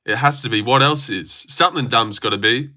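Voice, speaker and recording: A man's voice: mid-range voice, fairly quick, sharp tone. A man hosting a casual livestream, chatting with viewers in a rambling, sarcastic way and swearing freely. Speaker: livestream host. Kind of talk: casual livestream chat reading viewer comments.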